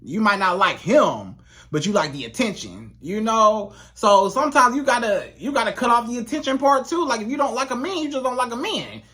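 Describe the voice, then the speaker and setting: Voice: mid-range voice, lively intonation, a little fast, sharp tone. A relationship coach giving casual, emphatic advice straight to the viewer, repeating points for stress. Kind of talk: casual advice monologue to camera.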